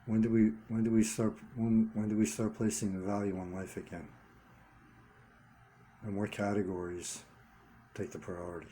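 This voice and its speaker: A man with a somewhat deep, soft and mellow voice speaks off the cuff to his audience. He is earnest and a bit halting, circling back to repeat the words he wants to stress. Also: flat delivery, slight background noise. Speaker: vlogger running a one-person channel. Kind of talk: unscripted commentary monologue.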